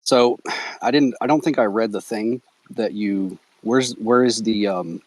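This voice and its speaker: A man in his forties with a vocal fry, chatting casually as a co-host and thinking aloud in stops and starts. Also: lowish voice, measured pace, no room sound. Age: 40s. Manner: rambling, thinks aloud with restarts. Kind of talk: casual group chat.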